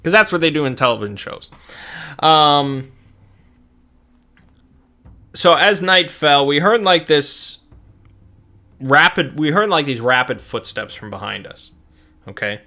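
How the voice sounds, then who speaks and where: A man's voice: fairly high pitch, animated, a little slow, pauses often, pushed and bright. A young man recounting a tabletop game session in a rambling way, with many fillers and restarts.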